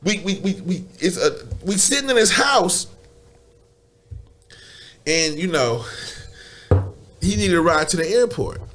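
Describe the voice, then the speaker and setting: A man's voice: sits high, lively intonation, measured pace, pauses often, a bit bright. A man who is a guest on a podcast, telling a story in casual, profane slang, stumbling over repeated words and laughing often.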